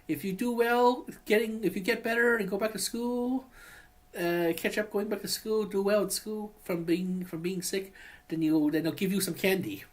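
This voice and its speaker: Man, chatty vlogger, halting, lots of restarts, very lively pitch, warm terms of endearment. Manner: rambling, halting, many restarts; affectionate, addresses partner as honey. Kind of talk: personal video message.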